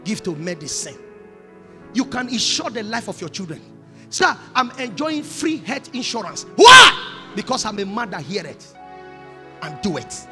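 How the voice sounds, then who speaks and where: A man with a Nigerian accent preaching in a large church, moving between Pidgin asides and shouted prophecy. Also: high-pitched, very animated, normal speed, long reverb tail, faint music behind. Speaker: pastor. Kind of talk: sermon.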